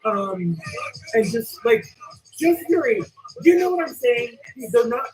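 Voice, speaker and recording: A woman's voice: fairly high pitch, very animated, slow pace, a little hiss or hum, low-quality recording. A woman hosting her own channel, talking in a chatty, sassy, rambling way full of fillers. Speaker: channel host. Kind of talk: casual commentary vlog.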